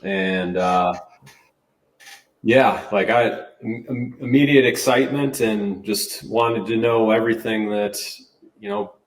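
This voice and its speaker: Man, low voice, podcast guest, rambling upbeat chat, echoey room, sits back from the mic. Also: slow pace. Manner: rambling, restarts often, upbeat. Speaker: podcast guest, brand manager. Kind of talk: casual interview chat. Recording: roomy, distant mic.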